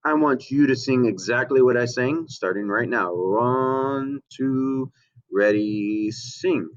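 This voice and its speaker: A man's voice: mid-range voice, slow. A man teaching a remote music lesson to children, explaining patiently and checking in with "okay?" and "right?". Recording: dull lo-fi home recording.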